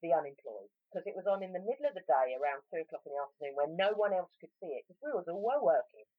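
Chatty South London woman, low voice. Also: lively intonation, fast, no echo. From South London, England. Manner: chatty, self-interrupting, says mate a lot. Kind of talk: casual podcast chat. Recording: dry tinny phone-like line.

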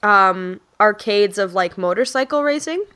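A woman's voice: measured pace, clean tone. A woman telling stories in casual chat among friends, laughing often and acting out quotes. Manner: animated, laughs often, acts out quotes in high voices.

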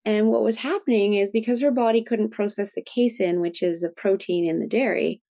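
A middle-aged woman with a warm, mellow voice talks through her points as an interview guest. She explains in a chatty, flowing way and keeps checking in with "right?". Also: medium pitch, brisk, creaky. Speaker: guest expert on food sensitivities. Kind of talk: conversational interview.

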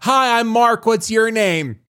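Man doing Mark, an eager high-voiced patient. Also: slow, bright, forceful tone, clear, resonant tone, heavily acted. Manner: eager, blurting simple questions. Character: overly friendly male hospital patient, adult.

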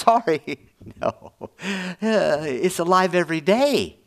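Middle-aged pastor guy preaching, kinda high voice, folksy, repeats himself, goes quiet and intense. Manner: repetitive, earnest, folksy preaching that drops low and quiet. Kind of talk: sermon.

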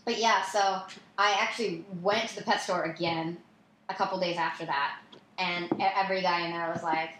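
A woman's voice: fairly low pitch, moderate pace, background noise. Rambling woman in an echoey room. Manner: rambling storyteller, animated, giggly. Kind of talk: casual chat.

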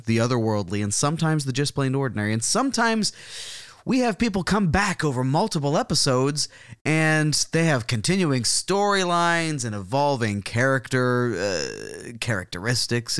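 A man's voice: medium pitch, expressive, normal speed, fairly bright tone, clear, resonant tone, no room sound. Guy hosting his podcast, rambly and chuckly, clean dry mic. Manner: rambling and chuckling, thinks aloud. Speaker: podcast co-host. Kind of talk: casual podcast introduction.

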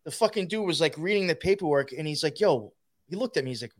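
A man's voice: fairly high pitch, animated, quick pace. A man telling a rambling, profane story in casual conversation, laughing as he goes. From New York.

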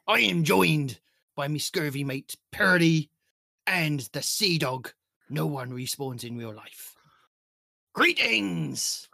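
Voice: mid-range voice, creaky, bright, forceful tone, full character voice. A podcast host putting on a swaggering pirate captain voice to open the show. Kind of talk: scripted show intro. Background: music.

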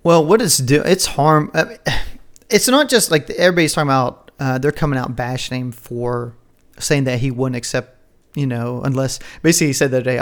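A man in the middle of a loose podcast conversation, talking at a mid pitch and a meandering pace. He swears freely and trails off into laughter, circling back to his point again and again. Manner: rambling, profane, quick to laugh. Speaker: podcast co-host. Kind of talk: casual political chat.

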